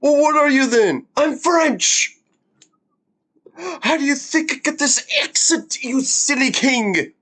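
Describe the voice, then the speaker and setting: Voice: high voice, lively intonation, slow pace, a bit bright, voice pushed up, exaggerated voice. A speaker quoting a film line by putting on the voice of a French castle guard who mocks and insults a king. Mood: taunting. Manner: scornful taunting insults.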